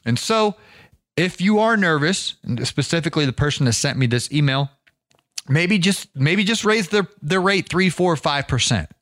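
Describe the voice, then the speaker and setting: A middle-aged man hosting a podcast, coaching business owners in an energetic, folksy monologue that often repeats words as he restarts. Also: fairly high pitch, moderate pace, dry recording, studio quality.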